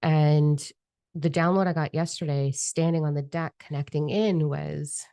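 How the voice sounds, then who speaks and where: A woman's voice: low voice, steady tone, unhurried, dark tone, no echo, studio quality. A woman telling a casual, self-deprecating story, chatty and laughing often. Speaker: spiritual vlogger.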